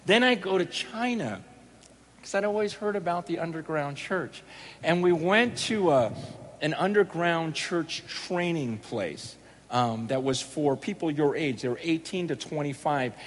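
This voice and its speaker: A man's voice: on the high side, a little slow. A middle-aged man preaching to a live audience, telling a story and acting out the dialogue with animation. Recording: reverberant hall with faint background noise.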